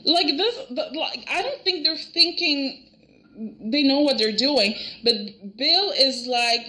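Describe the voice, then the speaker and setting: A woman giving casual review commentary on a soap opera, animated and exasperated, often restarting her sentences. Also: high voice, slow, poor audio.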